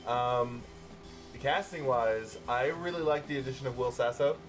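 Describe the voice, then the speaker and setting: A man co-hosting a casual movie review podcast, relaxed and full of fillers, swearing freely. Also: medium pitch, normal speed, faint music behind. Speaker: podcast co-host.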